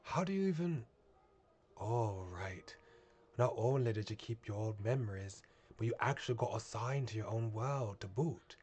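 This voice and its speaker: A man's voice: lowish voice, a little mellow. A man voicing a blunt, sarcastic otherworldly guide in an attempted Northern English accent, reading a visual novel aloud. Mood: gruff. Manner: mocking, rough, drawn-out questions.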